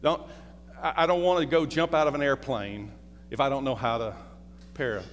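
A man's voice: medium pitch, steady tone, moderate pace. A middle-aged man giving a conversational sermon, asking the congregation questions and telling personal stories. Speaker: preacher. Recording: reverberant hall with faint hum.

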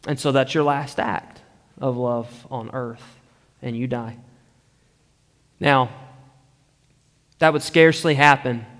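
A man preaching a sermon, slow and deliberate, often dropping to a hushed tone for emphasis. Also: medium pitch, fairly even intonation, in a large hall.

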